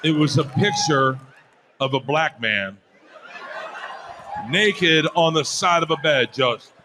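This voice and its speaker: A male comedian telling a story on stage, laughing through it and building to shouts. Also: on the high side, slow pace, a crowd in the background, background noise. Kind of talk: stand-up storytelling.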